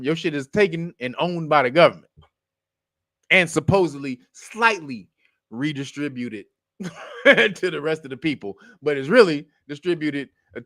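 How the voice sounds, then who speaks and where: A man hosts a casual commentary talk, cursing freely and laughing, with many restarts and asides. His voice is bright and forceful and sits fairly high for a man. The recording is dry and close, with no room sound. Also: no echo. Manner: profane, laughs often, loud bursts of mockery; rambling with self-corrections. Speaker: show host.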